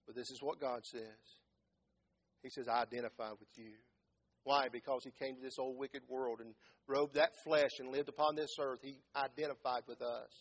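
A man preaching a sermon as pastor, swinging from loud impassioned calls down to low quiet words. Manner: impassioned, rising to shouts and dropping low.

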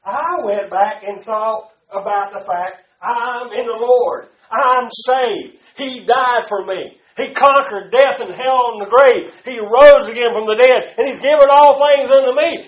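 A man preaching a sermon to a congregation, swinging from loud to hushed and calling out to the room. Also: very high voice, a little slow, hardly any pauses, echoey room, lo-fi sound. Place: church before a congregation.

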